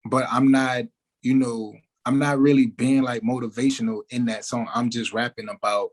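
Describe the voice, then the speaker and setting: A man, a musician giving an interview, talking in a relaxed way with many fillers like "like" and "you know". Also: mid-range voice, normal speed, rough recording. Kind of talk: casual interview talk.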